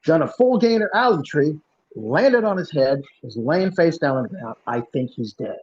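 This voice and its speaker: A male podcast host and former police officer telling a story in an animated, punchy way, acting out the dialogue. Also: fairly high pitch, moderate pace, slight background noise. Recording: muffled lo-fi recording.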